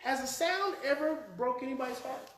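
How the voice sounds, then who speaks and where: A man's voice: extremely high pitch, a little fast, a bit bright. A man in his forties from Oklahoma, with an Oklahoma accent, giving a live workshop talk to parents, telling stories with emotion and repeating his key phrases. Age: 40s. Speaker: parenting educator and presenter. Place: presentation hall before a live audience. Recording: roomy live hall, voice picked up from a distance, faint noise.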